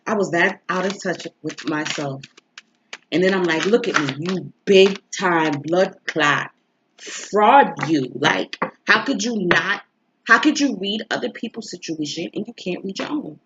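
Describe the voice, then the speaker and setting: A woman's voice: on the low side, moderate pace, dull audio, background noise. Emotional woman with a stuffy nose. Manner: emotional, rambling, rhetorical asides. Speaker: astrology and tarot reader. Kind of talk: casual confessional vlog chat. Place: home.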